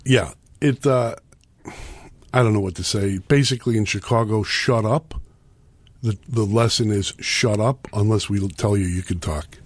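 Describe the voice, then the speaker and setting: A man's voice: on the low side, a little slow, breathy edge. A man co-hosting a talk radio show, giving wry, opinionated commentary. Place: radio studio. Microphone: studio microphone.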